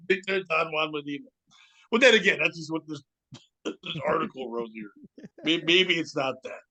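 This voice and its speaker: Animated, laughing male podcast host. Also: a little high, moderate pace, poor audio. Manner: animated, laughing, reading news stories aloud and acting out quoted characters. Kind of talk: casual comedic podcast chat.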